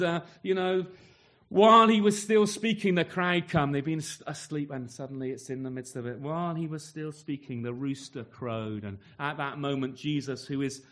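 A man's voice: fairly high pitch, a bit bright. A male preacher giving a sermon in a conversational way, often ending points with questions to the congregation and restarting phrases as he searches for words. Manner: conversational, full of rhetorical tag questions; restarts and stumbles while reaching for words.

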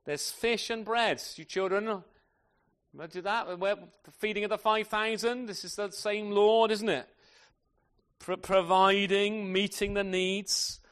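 A man preaching a sermon to a congregation with children, asking tag questions and swinging from loud emphasis to soft, quiet phrases. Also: high voice, unhurried, smooth. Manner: animated, asks tag questions often.

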